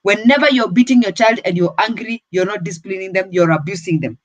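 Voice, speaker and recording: A woman's voice: medium pitch, fast talker, dry recording, rough recording. A woman with a Kenyan accent giving firm parenting advice on a talk show. She switches between English and Swahili.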